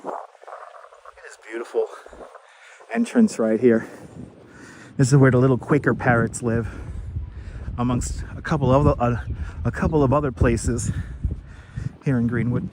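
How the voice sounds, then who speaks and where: A man's voice: medium pitch, fairly even intonation, unhurried, pauses often, background noise. Breathless man on a walking livestream. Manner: chatty, greets viewers by name. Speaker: livestream host. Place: outdoors, walking through a city cemetery. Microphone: wireless clip-on mic.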